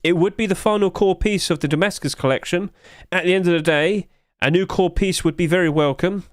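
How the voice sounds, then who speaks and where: A man live-streaming in a casual, chatty way, joking and reading questions from chat. His voice sits a little higher than most men's. The sound is close and dry, with no room echo. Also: a little fast. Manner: chatty, jokey, answers chat and laughs often.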